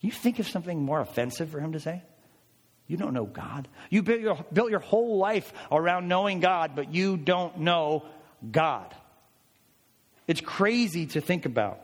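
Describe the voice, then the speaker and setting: A man preaching a sermon, explaining a passage with animated, emphatic rhetorical questions. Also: fairly high pitch, moderate pace. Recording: reverberant hall.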